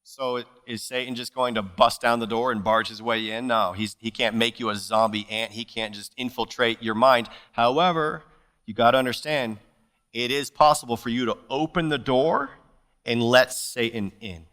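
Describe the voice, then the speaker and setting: A man preaching a sermon as pastor, animated and playful, slipping jokes and asides between scripture readings. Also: mid-range voice, normal speed. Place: church service.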